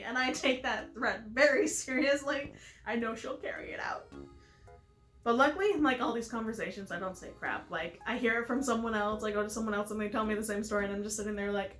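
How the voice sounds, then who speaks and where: A woman's voice: a little high, a little fast, a bit bright, echoey room, soft background music. A young woman hosting a let's play, chatty, giggly and playfully dramatic in her game commentary.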